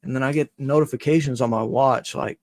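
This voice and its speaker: A man's voice: medium pitch, steady tone, fairly quick, darkish tone, dry recording. A man chatting casually on a live stream, rambling and joking and swearing freely.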